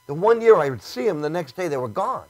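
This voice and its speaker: A laid-back man sits in as a guest on a casual chat show, his voice slightly high. He tells anecdotes easily, often chuckling. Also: sing-song, fast talker, poor audio.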